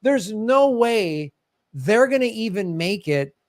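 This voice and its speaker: A man's voice: sits high, big pitch swings, takes it slowly, a little mellow, dry recording. A man from Chicago hosting a podcast, riffing in casual chat with emphatic remarks. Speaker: podcast host.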